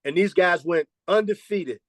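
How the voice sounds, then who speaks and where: Man in his fifties, animated storyteller, fairly high voice, dry close sound. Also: normal speed, no echo. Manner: animated, repetitive, peppers speech with "man" and "you know". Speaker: former college basketball head coach. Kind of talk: storytelling interview answers.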